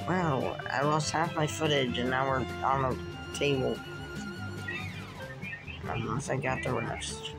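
A man casually narrating a plush skit, excitable and breaking into whoops and cheers. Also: mid-range voice, takes it slowly, vocal fry, long pauses. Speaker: plush video maker. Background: music.

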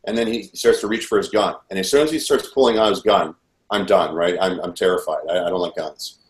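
A man's voice: deep voice, a little fast. A man as an interview guest, telling a personal story in an earnest, rambling way with frequent restarts. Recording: roomy echo.

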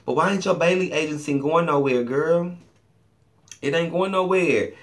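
A man giving a sassy, profane recap of a reality show episode, often dropping into low, muttered asides. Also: moderate pace. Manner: sassy, profane, shade-throwing. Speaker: YouTube reality show reviewer. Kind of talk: casual recap commentary.

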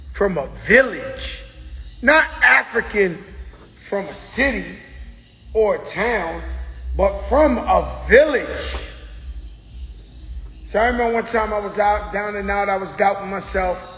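A man's voice: high-pitched, bright, forceful tone. Profane, boisterous male talk-show host. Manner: boisterous, profane storyteller who acts out quotes. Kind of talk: casual monologue to viewers. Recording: roomy echo with long reverb.

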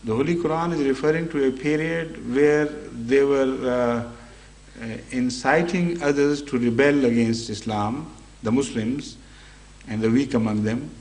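A man with a voice of ordinary, middle pitch gives an unscripted religious commentary. He talks in a measured way, stopping often with fillers and correcting himself as he explains a verse of scripture. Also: a little mellow.

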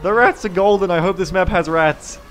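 A man giving live gameplay commentary, excitable, swearing often and shouting at the game. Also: sits high, normal speed, faint music behind. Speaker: game streamer.

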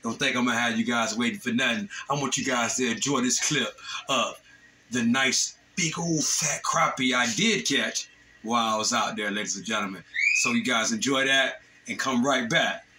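A man's voice: medium pitch, normal speed, noisy background. A man hosting his show, walking viewers step by step through filleting fish in his kitchen. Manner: steady step-by-step instruction to viewers. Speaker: fishing show host. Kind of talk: cooking demonstration. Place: home kitchen.

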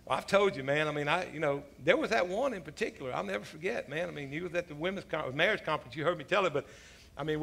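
A pastor preaching a sermon, telling animated, self-mocking stories full of casual asides like "man" and "you know.". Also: a little high, gravelly. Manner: self-deprecating humor, laughs at his own stories.

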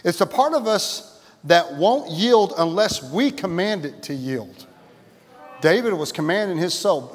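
A pastor preaching a sermon in a church, exuberant, laughing and shouting and calling out to the congregation. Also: male voice, high voice, expressive, unhurried. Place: church sanctuary. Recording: church hall reverb.

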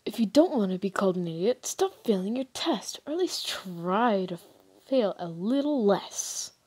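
A woman's voice: mid-range voice, lively intonation, moderate pace, a little mellow, slightly rough. A woman voicing a polite, formal teenage schoolboy who is the class rep, reading a game's dialogue aloud in a prim, stiff way. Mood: scolding.

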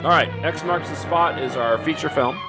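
A man's voice: a little high, normal speed, over music. A man co-hosting a show, making wry, rambling jokes while watching old films. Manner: wry, rambling, laughs often. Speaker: co-host of a movie-riffing show. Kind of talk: casual joking commentary.

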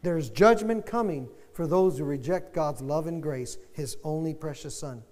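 An older male pastor preaching with a high, ringing voice. He is animated and climbs to loud fervor. His words carry a long church-hall reverb. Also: normal speed. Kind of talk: sermon. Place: church sanctuary.

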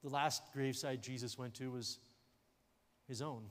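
Man pastor, lively sermon delivery, light jokes, sanctuary echo. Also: mid-range voice, normal speed. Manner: animated preaching with sudden drops to a hush; jokey asides. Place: church sanctuary. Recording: long hall reverb in a church sanctuary.

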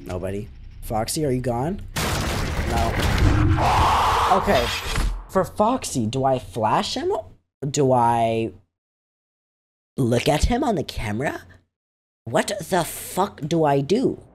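A man reacting out loud as he plays a horror game, jumpy and foul-mouthed, talking back to the game. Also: mid-range voice, big pitch swings, slow pace, pauses often, very noisy. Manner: jumpy, swears a lot, talks back to the game. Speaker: gaming video creator. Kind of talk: live reactions while playing a horror game.

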